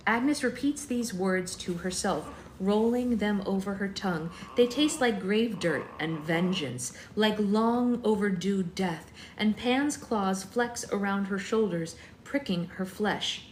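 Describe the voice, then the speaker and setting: A woman's voice: medium pitch, lively intonation, measured pace, slight background noise. Woman reading a novel aloud, echoey room. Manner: reads steadily, voicing characters, chatty asides. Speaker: book club host. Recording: roomy room echo.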